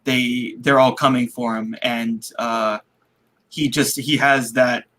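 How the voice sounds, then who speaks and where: A man co-hosting a film podcast, chatting casually and excitedly, acting out movie lines and breaking into laughter. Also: medium pitch, takes it slowly. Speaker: podcast co-host.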